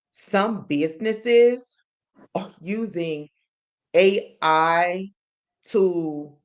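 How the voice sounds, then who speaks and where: A woman co-hosting a live stream, talking casually and thinking aloud as she goes. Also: lowish voice. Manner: rambling, thinks aloud with um and you know. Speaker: co-host.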